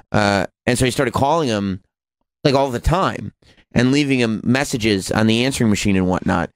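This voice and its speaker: A man's voice: fairly low pitch, a little fast, no echo, clean studio sound. A man hosting a talk radio show, bantering casually in a sarcastic, crude way. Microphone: studio microphone.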